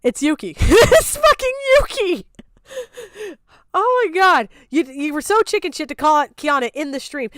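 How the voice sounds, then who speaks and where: High-voiced mocking woman streamer. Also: no echo. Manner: mocking, loud, bursts of laughter. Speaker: streamer reacting to a video. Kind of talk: casual live-stream commentary.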